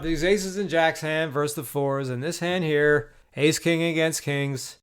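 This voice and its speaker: Casual male vlogger, slightly high voice, profane, frustrated, animated recap. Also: unhurried, clear, resonant tone. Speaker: poker vlogger.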